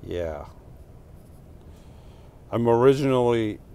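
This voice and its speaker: Here the middle-aged man from Portugal, whose accent is New Jersey and New York, sounds animated yet unhurried, his mid-range voice dark, clear, and resonant. He hosts a casual live stream, joking and rambling through the comments with frequent self-corrections.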